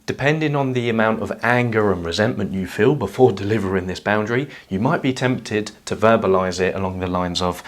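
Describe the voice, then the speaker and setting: A man calmly explaining social skills in a measured whiteboard lesson. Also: on the low side. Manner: calm, measured teaching delivery. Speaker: self-help educator.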